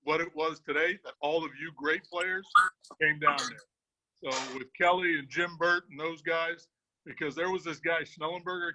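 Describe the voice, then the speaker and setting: A man's voice: a little high, pushed and bright, lo-fi sound. A man who worked behind the scenes for a football team, telling blunt, joking stories in a casual video chat. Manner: joking storyteller, blunt and profane. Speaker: former football staff member.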